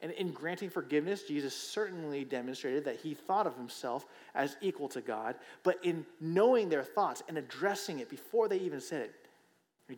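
A man preaches a sermon in an easy, conversational manner, his voice sitting a little high for a man. He keeps tossing in rhetorical check-ins and repeats key phrases to drive them home. The sound carries a long reverb, as if captured in a large hall. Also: a little mellow.

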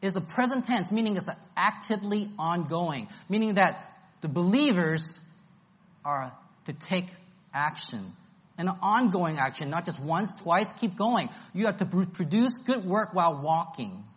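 A man's voice: sits high, animated, a little slow, a bit bright. A man preaching an expository Bible-study sermon, emphatic and enthusiastic, repeating his key phrases.

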